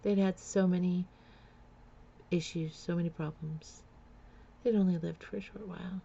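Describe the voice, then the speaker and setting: A woman telling a personal story on a vlog in a halting way, with many fillers and restarts, sometimes close to tears. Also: on the low side, steady tone, gravelly, dark tone, lo-fi sound, a little hiss or hum. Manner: emotional, close to tears at times. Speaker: vlogger.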